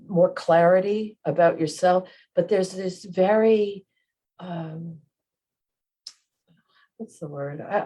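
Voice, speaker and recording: A woman's voice: on the low side, mellow. A woman co-hosting a spiritual podcast, talking in a rambling way and often stopping to search for her words. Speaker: podcast co-host, medium. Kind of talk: casual spiritual chat.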